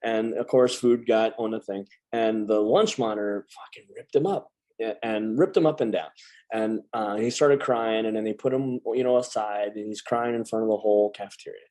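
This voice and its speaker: A man in his thirties, a veteran guest telling a family story in casual chat, animated and full of restarts. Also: on the low side, moderate pace.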